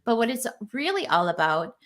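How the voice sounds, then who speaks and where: A woman's voice: a little high, very animated, brisk. A woman guest in an interview, a marketing strategist explaining her ideas with confidence. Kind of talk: casual interview chat.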